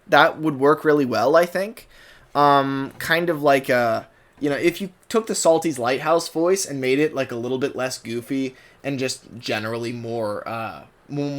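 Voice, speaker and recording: A man giving a casual, rambling commentary, full of fillers and quick character impressions. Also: a little high. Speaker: online video maker reviewing a cartoon dub.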